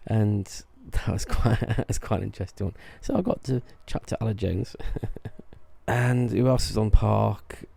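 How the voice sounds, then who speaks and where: Gravelly low-voiced man rambling through memories. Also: moderate pace, dark tone. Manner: rambling, restarts often, laughs at own stories. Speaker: vlogger recalling theme park work. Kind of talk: rambling casual storytelling.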